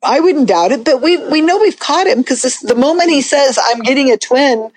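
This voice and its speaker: A woman guest telling a story in a casual, animated way and acting out the people in it. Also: sits high, normal speed, rough recording. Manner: animated, acts out voices of people in her story. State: a little emotional.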